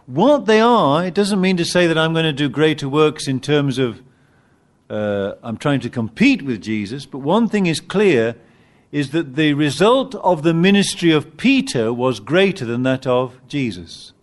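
A man preaching a sermon, animated and emphatic at times, with halting restarts as he searches for words. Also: on the high side. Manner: animated, rising to emphatic peaks.

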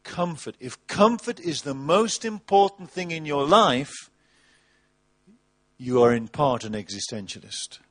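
A man preaching a sermon, animated and mocking, with big swings between loud and soft. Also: a little high, a little slow. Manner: animated, mocking with put-on voices, wide swings in loudness. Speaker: pastor.

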